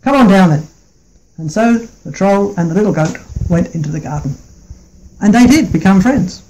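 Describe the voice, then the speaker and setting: Give me a man telling a folk tale gently, high voice and warm tone. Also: animated, breathy edge, rough recording. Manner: gentle, unhurried and playful. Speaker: storyteller.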